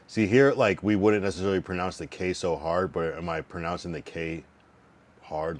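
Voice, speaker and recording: A young livestreamer with a very deep voice chats loosely and ramblingly, full of fillers and laughs, repeating a word over and over to nail its pronunciation. He speaks at a moderate pace with fairly even intonation, over a little hiss or hum.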